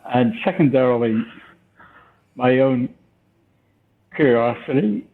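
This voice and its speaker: Older man, gravelly, hesitant, reflective, tinny line. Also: medium pitch, lively intonation, slow. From United States. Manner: thoughtful, hesitant, with restarts. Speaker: interview guest. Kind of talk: reflective storytelling. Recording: tinny phone-line sound.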